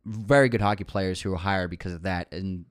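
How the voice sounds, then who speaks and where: A man's voice: low-pitched, steady tone, a little fast, no room sound, clean studio sound. A young man co-hosting a casual film podcast, gushing with enthusiasm and laughing often. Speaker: podcast co-host.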